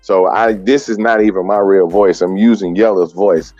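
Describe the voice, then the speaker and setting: Male co-host through a voice filter, low, cocky joking banter, lo-fi chat audio. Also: steady tone, normal speed, a little mellow. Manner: boastful mock-grandiose banter. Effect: voice changer filter.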